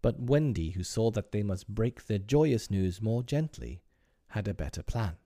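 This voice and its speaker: A man reading a storybook aloud at an unhurried pace, with a low, mellow voice. He reads expressively and wryly, his tone rising and falling freely. The recording is close and completely dry. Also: no echo. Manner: expressive and wry. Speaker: narrator. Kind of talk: storybook narration.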